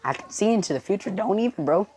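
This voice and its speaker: A woman voicing a brash, joking young male teacher who talks in loud, slangy bursts. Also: mid-range voice, expressive, fast talker, voice pushed up, close to an everyday voice. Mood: teasing.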